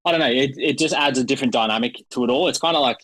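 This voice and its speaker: A man, a bobsledder guest on a podcast, easygoing and relaxed, with many ums and "you know"s. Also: mid-range voice, racing, no echo, low-quality recording. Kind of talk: casual interview chat.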